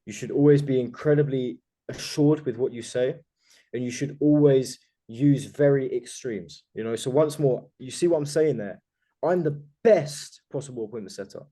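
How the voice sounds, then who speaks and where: A man's voice: mid-range voice, moderate pace, warm tone. Emphatic, self-assured male coach. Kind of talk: coaching group call. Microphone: video call.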